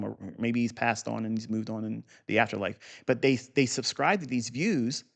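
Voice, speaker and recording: A middle-aged man giving an unscripted trading lesson in a blunt, profane way, with rambling asides. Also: medium pitch. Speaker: trading teacher.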